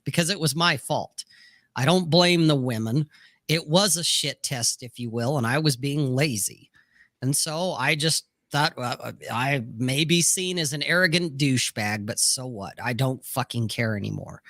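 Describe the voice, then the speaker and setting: A man's voice: medium pitch, a bit bright, no echo. A middle-aged man telling a long, candid and profane personal story on a casual podcast panel, full of "you know". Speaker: podcast co-host.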